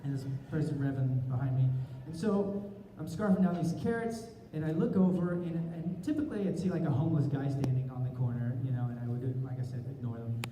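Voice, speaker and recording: A man telling a comic story at a convention panel, animated and self-mocking, acting out his own inner thoughts. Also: medium pitch, a little fast, few pauses. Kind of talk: comic storytelling to a live audience. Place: large convention hall. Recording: roomy hall from far off, crowd noise. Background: audience laughter and murmur.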